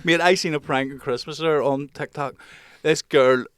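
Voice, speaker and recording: A man's voice: on the high side, fairly even intonation, moderate pace, a bit bright, smooth, dry recording, studio quality. A young man, telling stories in casual podcast chat, swearing and laughing as he goes. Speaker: podcast co-host.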